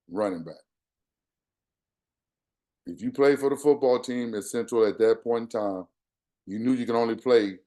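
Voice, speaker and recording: Mellow older man telling his story. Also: fairly low pitch. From Texas. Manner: earnest, conversational storytelling with quoted dialogue. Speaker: guest speaker. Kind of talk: storytelling talk.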